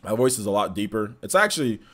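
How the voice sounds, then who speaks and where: A man's voice: on the low side, very animated, quick pace, fairly bright tone. A young man hosting a live stream, answering chat in a hyped, raised presentation voice and trash-talking playfully. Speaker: livestream host.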